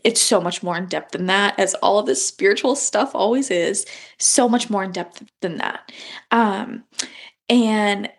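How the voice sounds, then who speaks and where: Chatty woman with a raspy, creaky voice. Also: medium pitch, a little slow. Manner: animated, chatty, frequent yawns and gasps. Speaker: podcast host. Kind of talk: casual spiritual podcast monologue.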